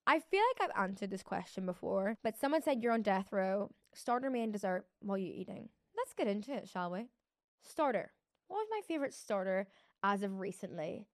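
A woman's voice: mid-range voice, no room sound, studio quality. A young woman hosting a casual solo podcast, rambling and chatty with lots of restarts and casual swearing. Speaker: podcast host.

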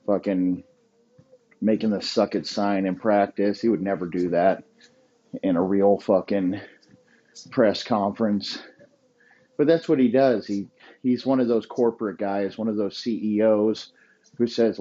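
A man's voice: lowish voice, normal speed, mellow, breathy edge, highs cut off. A man hosting a podcast, ranting in crude, rambling riffs and laughing at his own jokes. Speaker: podcast host. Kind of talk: profane comedic rant.

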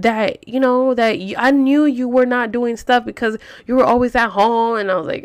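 Animated young woman telling a story. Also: mid-range voice, moderate pace, hardly any pauses. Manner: animated, swears a lot, acts out quotes. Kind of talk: casual storytime.

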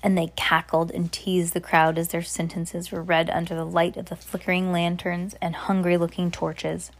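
A woman's voice: lowish voice, level tone, moderate pace. A woman reading a storybook aloud, stumbling and restarting now and then. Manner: unpolished, frequent restarts. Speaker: reader.

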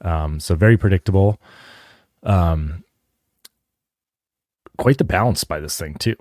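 A man's voice: low voice, measured pace, a little mellow, no echo, studio quality. A man co-hosting a podcast, chatting casually with many filler words. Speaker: podcast co-host. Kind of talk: casual chat.

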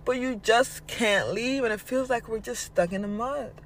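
High-pitched guy on his podcast, blunt spiritual pep talk, swears a lot, super casual. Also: moderate pace, fairly bright tone, a little hiss or hum. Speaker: podcast host. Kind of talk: spiritual motivational monologue.

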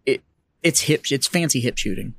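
A man's voice: medium pitch, lively intonation, normal speed. A man from Texas in casual podcast chat, giving matter-of-fact hunting advice.

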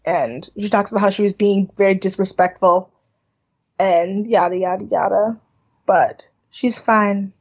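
A woman's voice: medium pitch, steady tone, unhurried, husky. Woman podcast co-host recapping TV, casual chatty delivery, slightly muffled lo-fi sound. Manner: chatty, swears casually, frequent fillers like "like". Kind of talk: casual chat recapping a reality show.

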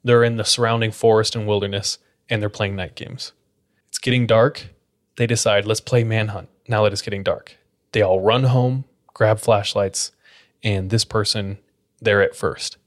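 A man with a somewhat low voice tells a story on his podcast. He keeps it loose and casual, peppering the telling with "like" and quick restarts. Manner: casual, filler-heavy retelling with frequent "like". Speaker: podcast host.

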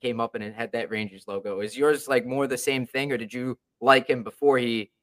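A man's voice: mid-range voice, steady tone, brisk, a bit bright. A man co-hosting a podcast, talking casually in an easygoing, rambling way. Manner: easygoing, rambling, restarts sentences. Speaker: podcast co-host. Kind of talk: casual chat.

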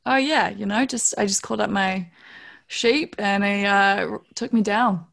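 A woman's voice: mid-range voice, a little slow, gravelly, a bit bright. A young woman with a New Zealand accent, a podcast guest chatting casually, laughing often and trailing off as she searches for words. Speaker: podcast guest, long-distance hiker. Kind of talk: casual interview chat.

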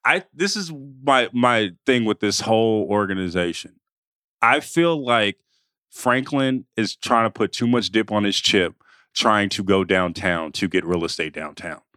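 Brief: male co-host, lowish pitch, bright edge, dry sound, playful. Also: expressive, unhurried, dry recording. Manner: playful, joking, hypes up a segment. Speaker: podcast co-host. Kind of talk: casual chat.

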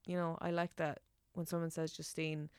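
A woman's voice: low-pitched, flat delivery, moderate pace, darkish tone, clean tone, dry recording, studio quality. A young woman from Ireland with an Irish accent, telling stories chattily as a guest in a casual talk, laughing easily. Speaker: podcast guest. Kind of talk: casual chat.

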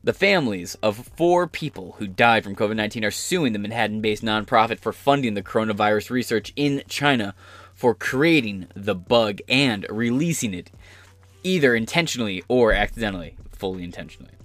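A man's voice: fairly low pitch, animated, moderate pace, fairly bright tone, no echo. A man hosting a political commentary podcast, ranting in a profane, sarcastic, rambling way. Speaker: podcast host.

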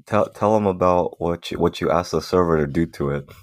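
A man's voice: low-pitched, a little fast. A man co-hosting a podcast in casual chat, chiming in with short agreements and prompts. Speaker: podcast co-host.

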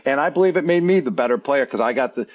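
A man in his thirties, a former football player, telling stories casually as an interview guest, lively and jumping up in pitch when he acts out quotes. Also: fast, muffled recording. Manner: animated, jumps up in pitch acting out quotes. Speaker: guest, former tight end.

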